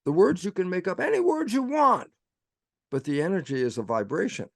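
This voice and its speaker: Animated older man explaining in dry sound. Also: high voice, a little fast, gravelly, dry recording. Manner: animated, acts out his own inner dialogue. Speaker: guest speaker. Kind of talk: conversational explanation.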